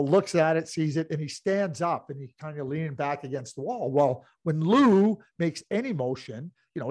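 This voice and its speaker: A man's voice: fairly high pitch, mellow. A middle-aged man, a hockey analyst and former team executive, telling long rambling stories full of filler phrases on a sports talk podcast. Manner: rambling storyteller with many "you know" fillers.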